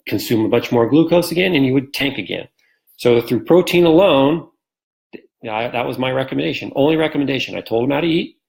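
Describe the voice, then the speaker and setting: A man's voice: mid-range voice, gravelly, poor audio. A man hosting a live stream, chatting casually and answering viewer comments, rambling with many ums and restarts and acting out quotes in a livelier voice.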